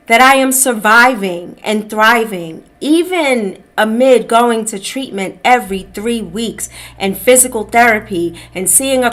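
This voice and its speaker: A middle-aged woman hosting a podcast, telling a personal story in a slow, reflective way and calling her listeners beloved. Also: on the high side, a bit bright. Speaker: podcast host. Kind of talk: personal testimony, casual talk.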